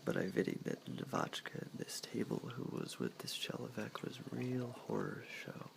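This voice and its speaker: Gravelly man whispering an ASMR reading. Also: mid-range voice, sing-song, noisy background. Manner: soft, slow whisper. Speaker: reader.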